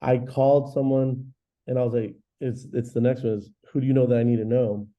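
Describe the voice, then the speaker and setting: A man in his forties, a real estate agent teaching a class in an energetic, chatty way, often acting out phone calls. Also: mid-range voice, brisk. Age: 40s. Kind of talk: live training class talk. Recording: dull lo-fi recording.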